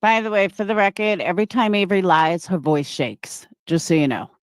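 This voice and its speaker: A woman's voice: lowish voice, brisk, dry recording. A woman hosts a livestream panel and delivers a profane, confrontational rant. She calls her target out over and over. The sound is dry and close. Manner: profane, confrontational, repeatedly calling someone out.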